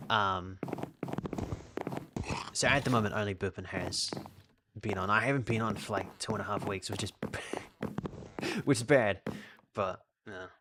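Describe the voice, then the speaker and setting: A man's voice: lowish voice, sharp tone, slight background noise. Rambling Australian man streaming a game. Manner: rambling, stammers and restarts his sentences; reads out and answers chat questions. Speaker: live streamer. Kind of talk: casual chat while playing a game.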